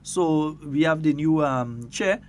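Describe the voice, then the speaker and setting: A man with a Grenadian accent hosting a radio talk show in casual chat, lively and quick to laugh. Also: on the high side, slight background noise. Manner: lively, laughs often, stretches words for emphasis.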